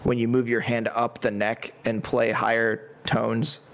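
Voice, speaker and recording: A man's voice: mid-range voice, level tone, unhurried, fairly bright tone. A man chatting casually in a music review, enthusiastic and rambling with lots of fillers. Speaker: podcast panelist.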